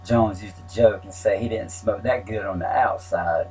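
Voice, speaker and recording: A man's voice: lowish voice, steady tone, normal speed, darkish tone, a little hiss or hum, rough recording. A man reading his own story aloud in a plain, wry telling. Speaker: memoir narrator.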